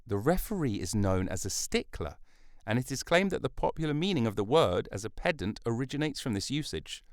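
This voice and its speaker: A man's voice: fairly low pitch, clear, resonant tone, no echo, studio quality. Rambling, jokey male podcast host. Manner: rambling, jokey, self-mocking asides. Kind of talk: solo podcast monologue. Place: recording studio. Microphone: studio mic.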